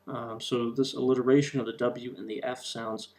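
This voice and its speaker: A man's voice: mid-range voice, little pitch movement, normal speed, darkish tone. A man teaching a recorded lesson over slides, explaining with frequent ums and uhs.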